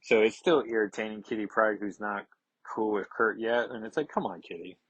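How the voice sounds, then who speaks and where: A man's voice: lowish voice, fairly even intonation, brisk, a bit bright, husky, no echo, lo-fi sound. A man casually reading a comic aloud and commenting, chatty, digressive and amused, on a close mic.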